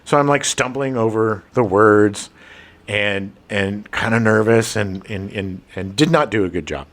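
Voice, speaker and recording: A middle-aged man co-hosting a podcast, telling stories in casual chat with an expressive, laughing delivery. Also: fairly low pitch, unhurried. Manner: animated, expressive, laughing storyteller. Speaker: podcast co-host.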